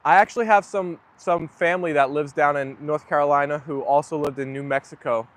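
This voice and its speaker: Man, slightly high pitch, chatting to viewers from his phone while outdoors in the rain; rambling and self-deprecating. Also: steady tone, a little fast. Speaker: dog owner livestreaming to viewers. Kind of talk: casual live chat. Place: outdoors on a rainy, muddy walk.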